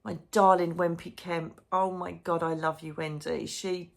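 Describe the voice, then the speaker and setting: A woman's voice: on the low side, little pitch movement, unhurried, creaky. A woman chatting emotionally in a casual diary vlog from a hotel room. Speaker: psychic medium vlogger.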